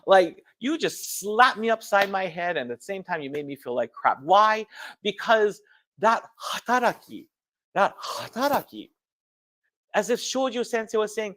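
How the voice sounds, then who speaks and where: A man's voice: high voice, animated, normal speed, fairly bright tone. A man giving a personal testimony sermon at a church memorial service, telling his story with animation, acting out the quoted dialogue and mixing Japanese terms into his English.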